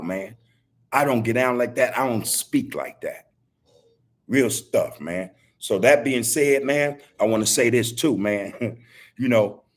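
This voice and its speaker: A man's voice: mid-range voice, slightly rough. A man hosting a podcast, talking casually to his listeners, preachy and repetitive, full of street slang. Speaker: podcast host. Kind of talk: casual monologue. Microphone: video call.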